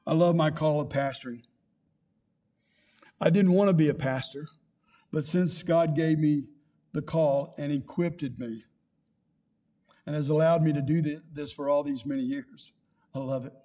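High-voiced older male pastor preaching. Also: steady tone, measured pace, pauses often, dark tone. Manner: preaching with rising emphasis and scripture quotes. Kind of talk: sermon.

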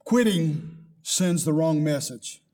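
A man's voice: a little high, animated, slow, mellow. An older man, a pastor, preaching a sermon with rising emphasis and quoted scripture.

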